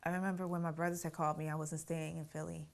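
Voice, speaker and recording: A woman's voice: low-pitched, little pitch movement, fast, vocal fry. A middle-aged woman telling her family story in an interview, reflective and often laughing through painful memories. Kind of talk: personal storytelling.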